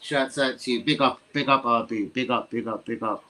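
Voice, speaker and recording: A man's voice: medium pitch, steady tone, moderate pace, sharp tone. A man hosting a live fan reaction stream, stunned and swearing as he rambles to his viewers. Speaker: fan livestream host.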